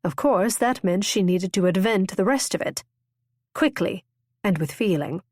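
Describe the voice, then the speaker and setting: A woman narrating a romance audiobook in a measured, expressive reading. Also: mid-range voice, no echo, clean studio sound. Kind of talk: scripted narration.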